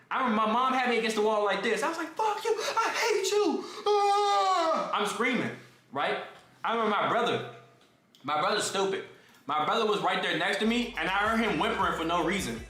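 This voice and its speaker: A man's voice: sits high, bright, forceful tone, roomy sound. A young man streaming, casually telling a story to his chat in slang and talking straight to his viewers. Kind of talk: animated storytelling to a live chat.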